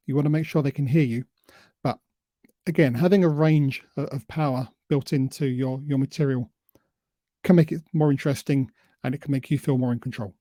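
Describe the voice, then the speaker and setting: A man giving a presentation on public speaking, who admits he tends to talk too fast and deliberately varies his pace and emphasis. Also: mid-range voice, steady tone, mellow, no echo. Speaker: invited speaker.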